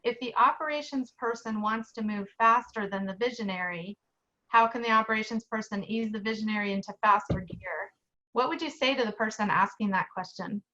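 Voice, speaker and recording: A woman's voice: mid-range voice, a little fast, bright, forceful tone, muffled recording. A woman co-hosting a podcast interview, posing probing questions and follow-ups. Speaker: podcast co-host.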